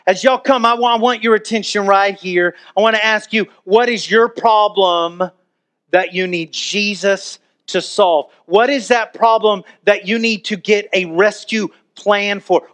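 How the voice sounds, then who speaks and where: A man, a pastor preaching a sermon and telling a story with animated emphasis. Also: high voice, a little slow.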